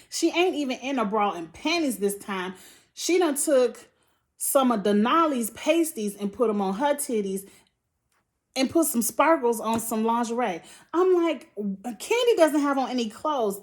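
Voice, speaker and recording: A woman's voice: fairly high pitch, lively intonation, moderate pace. A woman giving a blunt, profane, exasperated recap of a reality show, sighing and laughing between her points. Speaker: TV show reviewer.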